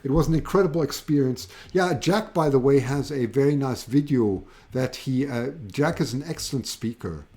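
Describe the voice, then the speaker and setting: Enthusiastic German-accented male stream host, casual and halting. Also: mid-range voice, darkish tone. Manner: enthusiastic, halting, many restarts. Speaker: host of a livestream. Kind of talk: casual live-stream chat.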